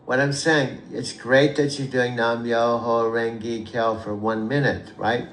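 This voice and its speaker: A man's voice: mid-range voice, flat delivery, a little slow, a bit bright. Patient, encouraging man in an echoey room. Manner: patient, encouraging, laughs easily, repeats himself. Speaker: chanting practitioner coaching an AI. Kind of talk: casual instructional talk. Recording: echoey room with faint background noise.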